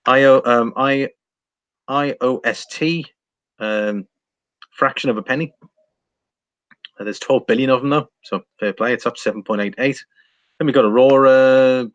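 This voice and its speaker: A man hosting a live stream, chatting casually and thinking out loud while he reads out figures and viewer comments. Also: lowish voice, no room sound. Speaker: livestream host reading viewer chat.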